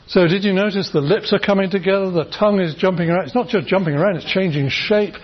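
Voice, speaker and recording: Husky-voiced man giving an enthusiastic lecture. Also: sits high, fast. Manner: enthusiastic, chatty, with frequent restarts. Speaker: university lecturer. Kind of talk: live classroom lecture with demonstrations. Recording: dull, lo-fi lecture recording.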